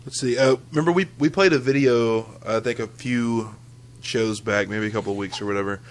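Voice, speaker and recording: A man's voice: medium pitch, fairly quick. Joking man hosting a podcast. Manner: joking, laughs easily, swears casually. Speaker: podcast host. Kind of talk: casual podcast banter.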